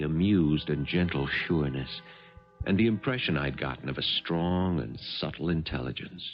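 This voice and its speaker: An actor playing a troubled husband who narrates his own story with brooding intensity in a 1970s radio drama. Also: a bass voice. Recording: dull 1970s radio broadcast with music.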